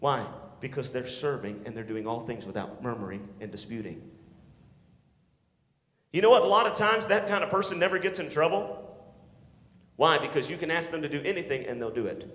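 A man preaching a sermon to teenagers, swinging from shouts to hushed tones and calling for responses. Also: medium pitch, lively intonation, brisk, long pauses. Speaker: youth pastor. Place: church sanctuary. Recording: echoey hall.

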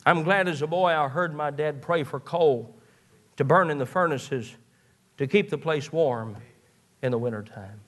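A man's voice: a little high, unhurried, a bit bright. A man, preaching a sermon in a folksy storytelling way, often restarting his words. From eastern Kentucky. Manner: folksy storytelling with repeated stammered starts.

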